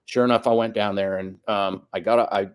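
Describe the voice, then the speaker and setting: A man's voice: fairly low pitch, steady tone, normal speed, clear, resonant tone. A man in his fifties telling a long personal story as a guest on a podcast, acting out the voices of the people he quotes. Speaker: guest soccer coach. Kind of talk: casual storytelling interview.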